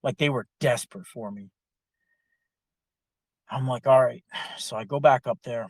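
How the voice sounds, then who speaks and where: A young man telling a long story in a casual podcast chat, animated and heavy on swearing. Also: medium pitch, measured pace, dry recording. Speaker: podcast co-host.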